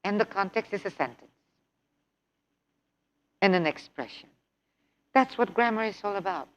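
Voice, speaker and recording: A woman instructor giving a workshop lecture on English test preparation, animated, repeating key points with rhetorical questions. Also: medium pitch, moderate pace. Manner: acts out example phrases with exaggerated intonation.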